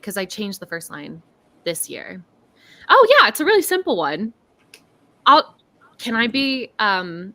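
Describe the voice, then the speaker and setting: A woman hosting a casual writing stream over a video call, chatting, laughing often, and reading her own prose slowly and softly. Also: mid-range voice.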